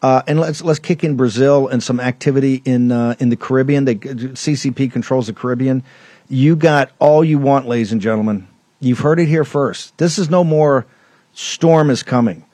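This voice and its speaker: A man's voice: mid-range voice, moderate pace, dark tone, no echo. A man hosting a political talk show, ranting emphatically and combatively, rambling with restarts. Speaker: show host.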